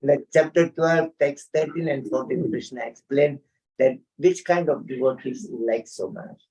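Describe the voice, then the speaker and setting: A man's voice: medium pitch, normal speed, a little mellow, far from the mic, poor audio. A man teaching a scripture class at a home gathering, telling chatty stories with chuckles and chanting Sanskrit verses. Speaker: spiritual teacher.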